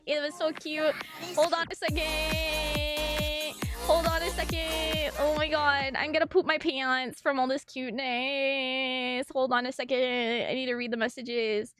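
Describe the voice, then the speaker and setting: A high, bright woman's voice, bubbly and excitable as she streams as a VTuber. She chats casually and reads her chat aloud, laughing often and sounding emotional, close to tears. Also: moderate pace, faint music behind.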